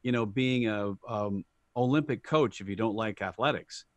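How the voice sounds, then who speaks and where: A man's voice: lowish voice, moderate pace, no room sound, highs cut off. A middle-aged man, a voice actor guest, chatting animatedly in an interview and retelling anecdotes with quoted voices. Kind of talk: casual interview storytelling.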